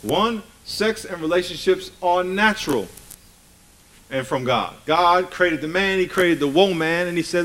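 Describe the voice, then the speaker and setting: A man's voice: high-pitched, normal speed, fairly bright tone, low-quality recording. A man preaching a sermon emphatically, often asking the congregation rhetorical questions.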